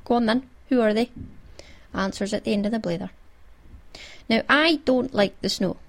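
With a Scottish accent and a slightly high voice marked by vocal fry, a podcast host chats at a normal pace. She's wry and self-amused as she tells her stories in a casual conversation.

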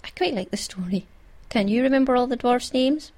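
A Scottish woman hosts a podcast, chatting casually and wryly and clearly amused by her own stories. Her fairly high voice is animated and brisk, with a darkish tone.

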